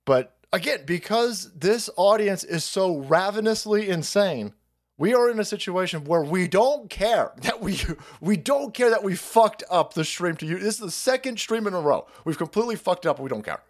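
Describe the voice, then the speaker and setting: Speaking at a normal speed in a high, expressive voice, this thirtysomething podcast host mocks politics on his stream. His rant is full of profanity, and he often slips into silly voices.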